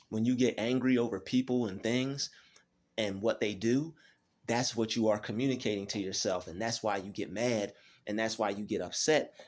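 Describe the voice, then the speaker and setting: Hosting his own channel, this man offers self-help motivation in a somewhat low, darkish voice, regularly checking in with "all right?" and drawing out important phrases.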